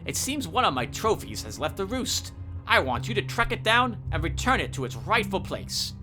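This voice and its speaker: A man's voice: sits high, very animated, pitched above the performer's own voice. A man doing Colonel Von Pelt, ghost hunter. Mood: menacing. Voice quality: deliberately bad put-on accent. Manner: threatening, then jovial. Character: ghostly big game hunter colonel, menacing, boastful. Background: game music.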